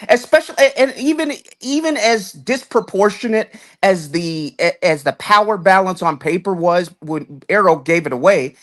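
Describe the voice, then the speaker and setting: A man in casual talk-show chat, rambling through long points with frequent restarts and repeated words. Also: a bit bright. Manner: rambling, many restarts, swinging pitch when stressing points.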